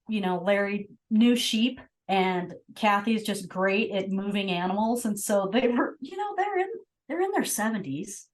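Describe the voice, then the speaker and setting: A woman's voice: mid-range voice, rough recording. A middle-aged woman, a guest and rancher mother, telling a story casually and chiming in with short agreements. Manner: lively, chimes in with short agreements.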